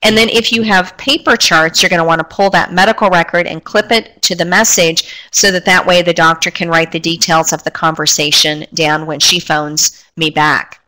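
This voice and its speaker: A woman in middle age giving an instructional talk as a phone skills trainer, clear and upbeat as she explains. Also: on the low side, fairly even intonation, normal speed, few pauses, bright, forceful tone, rough recording.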